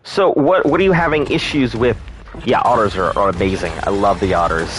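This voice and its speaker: A man's voice: on the low side, fairly quick, slight background noise. A man streaming a game live, chatting casually with viewers, joking and swearing freely. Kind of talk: casual live-stream chat while gaming.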